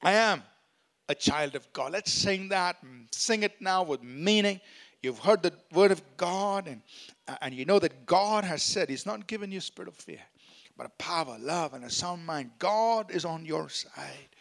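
Guy pastor with a high voice preaching in church, gets everyone reading verses out loud. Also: expressive, moderate pace, creaky. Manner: leads congregation in reading scripture aloud; exhorting, repeats phrases for emphasis. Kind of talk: sermon.

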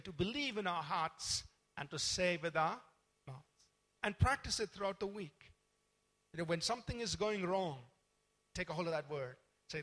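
A man preaching a Sunday sermon as pastor, explaining scripture and leading his congregation in a spoken declaration. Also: high voice. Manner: teaching calmly, then leading a loud congregational declaration.

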